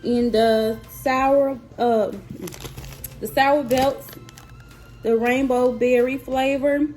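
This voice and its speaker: Slow-talking woman, chatty vlogger. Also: sits high, fairly even intonation, darkish tone, soft background music. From Mississippi, USA. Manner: chatty and playful, talking straight to viewers. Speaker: mother and vlogger tasting snacks. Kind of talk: casual chat to camera.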